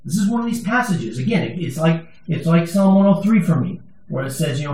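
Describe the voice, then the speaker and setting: A fairly high-voiced man preaches a sermon in a loose, conversational way that swells into emphatic moments. He is picked up from some distance in a roomy, echoing space. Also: sing-song, brisk, mellow. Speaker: pastor. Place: church sanctuary. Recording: echoey room, voice from a distance.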